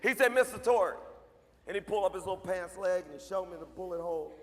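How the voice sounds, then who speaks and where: Male motivational speaker, high voice, emphatic, repetitive storytelling, school hall echo. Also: rapid-fire, a bit bright. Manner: emphatic, storytelling, repeats for effect. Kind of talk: speech to a school assembly. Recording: long hall reverb.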